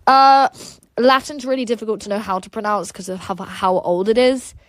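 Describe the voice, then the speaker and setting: A woman's voice: on the high side, moderate pace, no echo. A woman hosting a casual livestream, reading chat aloud and rambling with lots of "like" and "um" fillers.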